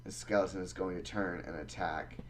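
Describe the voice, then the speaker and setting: A man running a tabletop game as dungeon master, narrating combat in a relaxed, halting way. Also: deep voice, a little hiss or hum.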